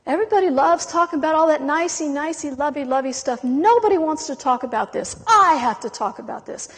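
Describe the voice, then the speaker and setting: A woman giving an impassioned spiritual talk, emotional and intense, with long dramatic pauses between words. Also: high voice, animated. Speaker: spiritual speaker. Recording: long hall reverb.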